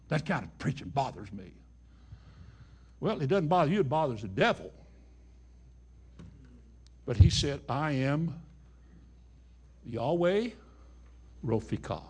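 A man preaching a sermon in a folksy way, dropping to a hush and then rising to emphatic declarations. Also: medium pitch, sing-song, slow, long pauses, husky. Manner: folksy, swings between hushed and emphatic. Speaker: pastor.

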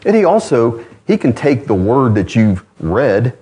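Man preaching with lively pitch swings. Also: a little slow, slightly rough. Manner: self-deprecating asides. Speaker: pastor. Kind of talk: sermon.

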